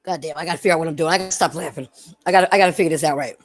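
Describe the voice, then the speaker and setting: A woman's voice: sits low, rapid-fire, dry recording. A young woman streaming, ranting bluntly and profanely to her viewers, laughing often between points. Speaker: gaming streamer. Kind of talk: live-stream rant to chat.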